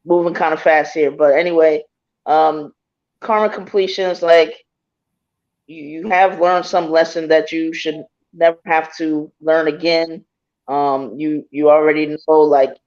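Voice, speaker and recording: A woman giving a live psychic reading, hesitant and gentle, with many fillers. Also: deep voice, fairly even intonation, unhurried, muffled recording. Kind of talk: casual live tarot reading.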